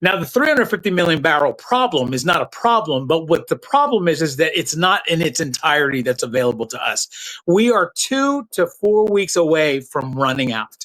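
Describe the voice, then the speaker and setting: A man's voice: a little high, big pitch swings, moderate pace, a bit bright, low-quality recording. A man hosting a live political commentary stream, talking bluntly and with heat straight to his chat viewers, using loose slang and restarting his sentences. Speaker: political commentary livestream host.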